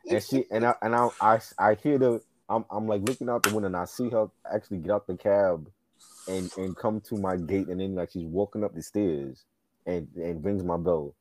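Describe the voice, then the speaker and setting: A man's voice: low-pitched, normal speed, a little mellow, a little hiss or hum. A young man, telling a story in casual podcast chat and stumbling over his sentence starts. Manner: storytelling, repeats words while starting sentences.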